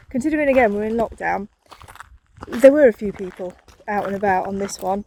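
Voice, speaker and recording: A woman from England talks casually to the camera on a country walk, hesitating often with ums. Her voice sits at an ordinary middle pitch. A faint wash of outdoor noise sits behind her. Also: fairly quick, warm tone. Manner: chatty, hesitant with many ums. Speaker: vlogger. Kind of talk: casual vlog chat. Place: outdoors in hills.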